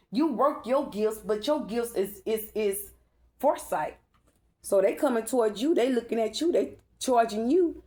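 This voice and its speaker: Woman w/ aave doing a spiritual reading, animated, swears a lot, talks right at you. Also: medium pitch. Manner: animated and emphatic, profane, slangy, talks straight to viewers. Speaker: spiritual tarot reader. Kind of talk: casual spiritual reading to viewers.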